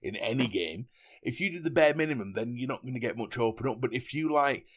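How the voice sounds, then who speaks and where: A man co-hosting a casual gaming podcast. His pitch swings up and down as he jokes, and he laughs often. He keeps the talk loose and chatty. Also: fast talker. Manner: animated, laughs often, jokey. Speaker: podcast co-host.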